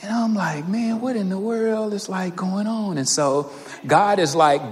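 A man's voice: high-pitched, a little slow, big-room sound, slight background noise. A man in his thirties preaching a sermon, telling a personal story and building to fervent emphasis. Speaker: pastor.

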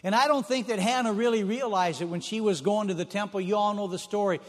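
A man's voice: high-pitched, fast, in a large hall. A man preaching a sermon, retelling stories in a folksy way and repeating phrases for emphasis.

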